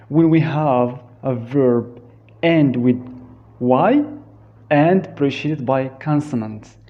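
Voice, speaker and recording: A man teaching an English grammar lesson, repeating each verb form slowly and switching into Darija to explain. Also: mid-range voice. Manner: drills word forms slowly, repeating each one. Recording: dull, lo-fi sound.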